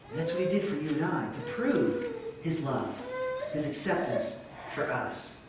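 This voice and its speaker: A man preaching a sermon, telling a story that builds to excited shouts. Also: fairly high pitch, a little slow, background noise. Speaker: pastor. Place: church sanctuary. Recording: echoey church hall from far off.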